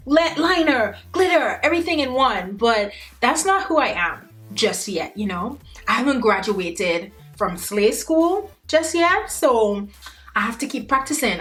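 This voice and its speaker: A woman's voice: medium pitch, fairly bright tone. Young woman, beauty vlogger, casual chatty tutorial talk, playful, faint music behind. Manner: chatty, playful, addresses viewers as guys and sis. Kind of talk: casual makeup tutorial chat.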